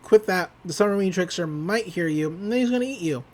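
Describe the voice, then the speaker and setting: A man's voice: high voice, animated, fairly quick. A man quoting a goofy, earnest grown man who warns children about a legend. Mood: warning.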